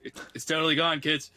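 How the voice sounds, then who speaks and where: Podcast co-host, male, bright, rambling casual delivery full of fillers. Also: on the high side. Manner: rambling, many "like" fillers, laughs often. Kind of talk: casual chat.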